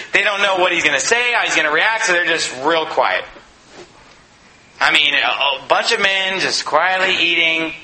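Male preacher, emphatic sermon, rhetorical questions, sharp bright tone, echoey room. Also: high voice.

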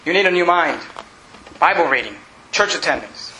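A man preaching a fiery sermon as pastor, often shouting and laughing between lines, recorded in a church. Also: a little high, lively intonation, moderate pace, background noise. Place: church hall. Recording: echoey church room.

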